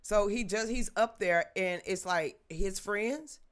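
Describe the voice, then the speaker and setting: A woman's voice: medium pitch, slow. A woman hosting a live political commentary show from home, talking in a blunt, colloquial and emphatic way.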